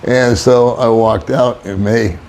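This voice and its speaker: A man's voice: medium pitch, steady tone, slow, a little mellow, a little hiss or hum. An older man, an expat vlogger, telling a rambling, wry story in casual monologue and chuckling often. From United States.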